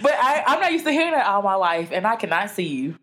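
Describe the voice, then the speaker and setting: A woman's voice: mid-range voice, quick pace. A young woman co-hosting a podcast, joking and cursing freely in casual chat, laughing often. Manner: animated, joking, profane, laughs a lot. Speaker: podcast co-host.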